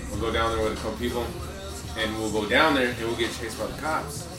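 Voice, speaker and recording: A man's voice: medium pitch, fast talker, recorded from a distance, music in the background. Easygoing man in an echoey room. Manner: easygoing, slangy. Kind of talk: casual chat.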